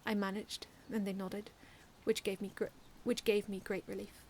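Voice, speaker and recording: A woman's voice: mid-range voice, moderate pace, a little hiss or hum. Woman earnestly reading her own story. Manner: earnest, expressive reading with frequent restarts. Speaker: fan fiction author reading aloud. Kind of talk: first-person story reading.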